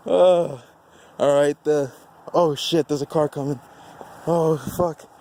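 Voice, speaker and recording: A man's voice: on the high side, steady tone, takes it slowly, warm tone, a little hiss or hum. A man filming outdoors at night on a handheld camera, giddy and swearing, laughing often between remarks. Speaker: vlogger filming a burnout. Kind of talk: excited casual commentary.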